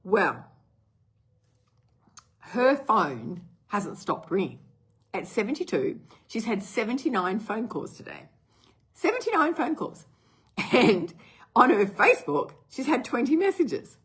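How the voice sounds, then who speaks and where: Chatty husky woman with a cough. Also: on the high side, very animated, slow pace, pauses often. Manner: chatty, rambling, lots of fillers. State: has a cough. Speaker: brand partner telling a customer story. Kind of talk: casual vlog storytelling.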